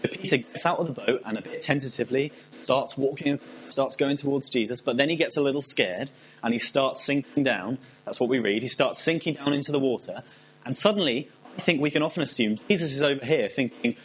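A man's voice: medium pitch, fairly quick. A man preaching a sermon in a conversational, humorous storytelling manner. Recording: slightly dull recording with faint hum.

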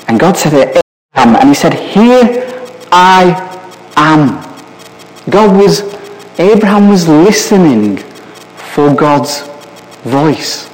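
A man preaching in a church hall, his voice sitting a little high and swinging widely in pitch. He speaks slowly and keeps turning to his listeners with questions. Long reverb trails every phrase. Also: darkish tone. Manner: asks the listeners many searching questions. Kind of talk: sermon.

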